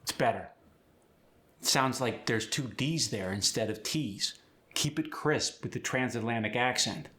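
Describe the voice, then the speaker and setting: A man's voice: mid-range voice, unhurried, pushed and bright. A man hosting a pronunciation tutorial, explaining sounds casually and demonstrating words. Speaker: accent coach and host.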